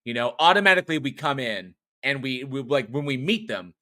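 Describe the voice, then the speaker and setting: A man co-hosting a horror show, rambling through a film review with plenty of swearing and false starts. His voice is bright and forward, sitting at an ordinary middle pitch. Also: expressive, fairly quick. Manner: rambling, profane, frequent restarts and fillers. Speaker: podcast co-host. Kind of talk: casual film review chat.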